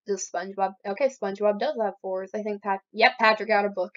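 A woman's voice: medium pitch, normal speed, few pauses. A young woman giving casual gameplay commentary as a let's play host, chatty and playfully mock-outraged at her opponents. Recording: slightly dull lo-fi recording.

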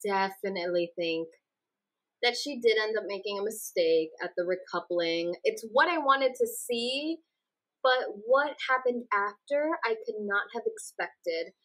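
A woman's voice: mid-range voice, unhurried, low-quality recording. A young woman co-hosting a podcast in casual chat, ranting with exasperation and acting out quotes. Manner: animated, exasperated rants with acted-out quotes. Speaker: podcast co-host.

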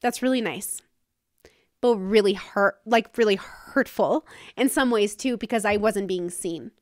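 A woman's voice: mid-range voice, a little slow, dry recording, clean studio sound. A woman hosting her own podcast, talking frankly and casually in a solo monologue, with some swearing. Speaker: podcast host.

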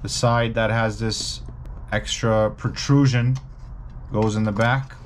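A man's voice: on the low side, fairly even intonation, slow pace, a little hiss or hum. A man walking viewers through a hardware repair step by step, in a casual, instructive way that stresses the warnings. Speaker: repair technician.

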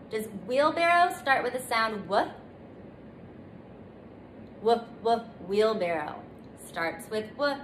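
Preschool teacher, woman, slow and sing-song, higher voice, echoey room. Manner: slow, gentle, sing-song, stretches sounds. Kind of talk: children's circle time lesson. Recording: echoey room, faint noise.

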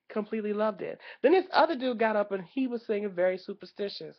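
A woman giving a sassy, loudly exasperated comedic rant as a vlogger. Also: mid-range voice, fast, hardly any pauses, lo-fi sound. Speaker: vlogger reviewing a karaoke night.

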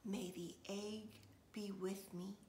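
A woman's voice: a little high, a little slow, gravelly. Sheldon, a woman doing a scheming little boy. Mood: hushed. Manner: hushed and secretive at times. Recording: echoey room, faint noise.

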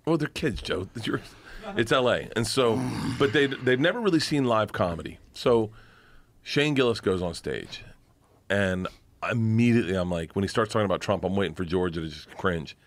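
A middle-aged man telling rambling, excitable stories in a casual podcast chat, laughing and swearing often. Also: fairly low pitch, normal speed. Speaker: podcast guest comedian.

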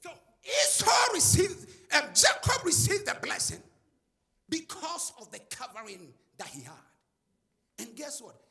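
A male preacher with a high, sharply bright voice and a gravelly edge, preaching in call-and-response style. He swings his pitch widely, shouting and chanting phrases at the congregation while faint music plays beneath. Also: wildly swooping pitch, unhurried. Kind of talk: sermon.

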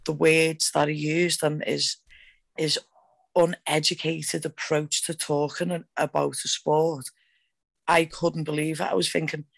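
A woman fighter on a radio talk show, telling her stories in a rambling, animated way with lots of fillers. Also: low-pitched, a little slow, gravelly, no room sound. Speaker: MMA fighter guest. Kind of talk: excited casual storytelling.

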